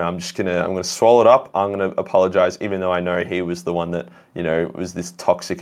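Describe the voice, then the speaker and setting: Podcast guest, man, very deep voice, blunt animated storyteller. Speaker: guest, content creator. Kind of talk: casual podcast chat.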